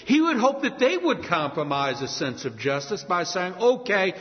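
Male preacher, lively swooping intonation, emphatic sermon delivery, lo-fi hall recording. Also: on the high side. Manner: emphatic, dramatic preaching with slow stressed repetitions. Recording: reverberant hall, dull lo-fi sound.

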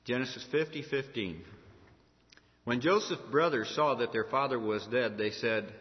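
A man's voice: medium pitch, normal speed. A man pastor delivering a sermon, preaching emphatically and asking the congregation rhetorical questions. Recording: echoey hall, dull lo-fi sound.

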